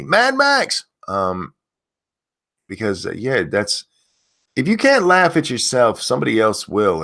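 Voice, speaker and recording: Lively, swearing male stream ranter. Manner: profane, ranting, reads chat aloud; lively pitch, mocking voices. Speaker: streamer host. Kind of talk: casual livestream rant.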